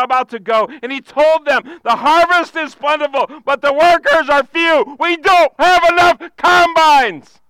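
A man preaching a sermon with passion, using repeated phrases and sudden shouted bursts. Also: extremely high pitch, no room sound, rough recording. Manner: impassioned preaching, repetitive cadences, bursts of shouting. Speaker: pastor.

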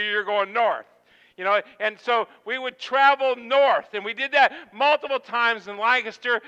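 A man's voice: extremely high pitch, bright, forceful tone, smooth, in a large hall, lo-fi sound. A middle-aged man telling a rambling, folksy story in a sermon, acting out quotes. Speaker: pastor.

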